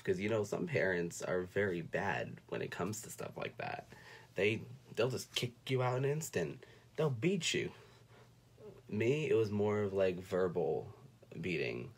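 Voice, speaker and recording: A young man from North Carolina telling a personal story on a livestream, speaking in a soft, halting way and fighting back tears. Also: low voice, breathy edge. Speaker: vlogger. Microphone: phone or webcam.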